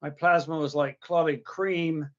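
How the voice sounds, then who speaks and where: Slightly higher-voiced man explaining technical details. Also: steady tone, slow pace, muffled recording. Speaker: guest, pathologist. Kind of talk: conversational explanation.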